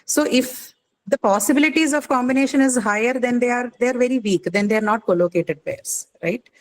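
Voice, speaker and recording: A woman's voice: on the high side, fairly quick, rough recording. A woman teaching an online class, explaining patiently with many fillers and tag questions.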